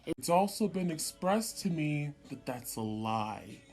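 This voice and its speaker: A woman voicing a calm male school principal who speaks slowly and quietly. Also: sits low, soft background music, pitched below the performer's own voice. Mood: measured. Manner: slow, measured, quiet.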